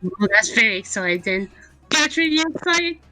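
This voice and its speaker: A woman playing a tabletop fantasy game, talking in a bubbly, excitable way. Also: a little high, moderate pace, no room sound, faint music behind, poor audio. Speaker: player.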